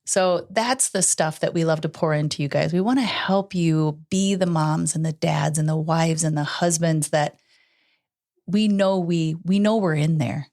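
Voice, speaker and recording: A middle-aged woman co-hosts a podcast in relaxed, casual conversation. Her voice sits a little low, and she tells her stories earnestly, often acting out the lines of what was said. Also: creaky. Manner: earnest storytelling, acts out quoted dialogue. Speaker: podcast co-host. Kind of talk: casual chat.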